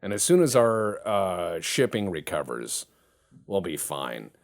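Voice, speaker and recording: A man's voice: low voice, very animated, unhurried. A man hosting a casual video game commentary, cracking jokes and laughing often. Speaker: game streamer.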